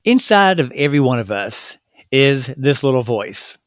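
Excitable man hosting a podcast. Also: mid-range voice, moderate pace, dry recording, studio quality. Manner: earnest, excitable, with frequent stumbles and restarts. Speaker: podcast host. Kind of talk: solo motivational podcast talk.

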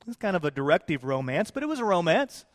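Pastor preaching in an echoing hall. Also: male voice, high voice, fast. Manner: animated retelling with playful asides. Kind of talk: sermon.

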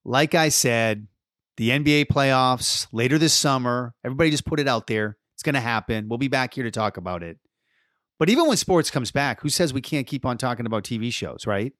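A man's voice: medium pitch, a bit bright, no room sound, clean studio sound. A man hosting a podcast, talking in a laid-back, chatty and enthusiastic way. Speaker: podcast host. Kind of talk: casual podcast chat.

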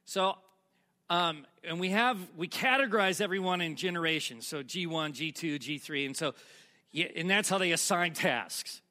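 A male pastor delivers a sermon with a high-pitched voice. His tone is bright and forward, and he talks in a loose, conversational way, turning to the congregation with questions and side comments as he tells a story. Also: moderate pace.

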